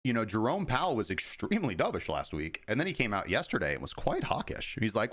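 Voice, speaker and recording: A man who hosts a livestream and talks through crypto markets in an informal, explaining way. He often acts out traders' thoughts in quick asides. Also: on the low side, wildly swooping pitch, fairly bright tone. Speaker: crypto market analyst, host. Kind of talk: casual livestream market commentary.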